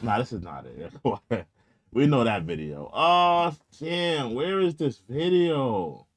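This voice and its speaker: Ranting animated male commentary host. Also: medium pitch, slow pace, no room sound. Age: young adult. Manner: indignant, repetitive, ranting. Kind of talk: opinionated political commentary.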